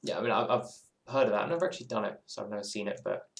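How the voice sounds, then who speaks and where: This gaming streamer races through casual chat while playing, musing aloud, rambling, and cutting in on himself as his talk loops back around. His voice is on the low side and creaky, with a roomy sound.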